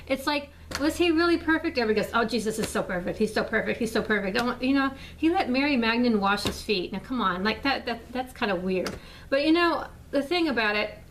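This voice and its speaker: A woman's voice: fairly high pitch, slight background noise. A woman vlogger ranting casually to her viewers, rambling and exasperated, with frequent swearing and fillers. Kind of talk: casual rant to camera.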